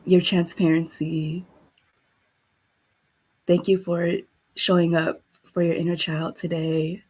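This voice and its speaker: A woman gives a reflective talk in a slow, unhurried way, pausing often on fillers. Her voice sits low and stays flat, with little rise or fall. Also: slightly rough. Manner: soft-spoken, hesitant with many fillers. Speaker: guest speaker.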